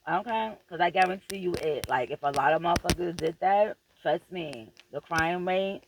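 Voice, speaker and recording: A woman's voice: lowish voice, moderate pace, slight background noise, poor audio. A woman vlogger giving a profane, emphatic and preachy motivational rant straight to her viewers, repeating phrases for emphasis.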